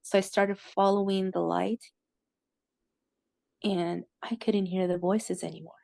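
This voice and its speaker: A woman telling a personal story in a halting way, with many "like" fillers and moments where she loses her words. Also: medium pitch, little pitch movement, vocal fry, dark tone, no room sound. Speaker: interviewee recounting a near-death experience.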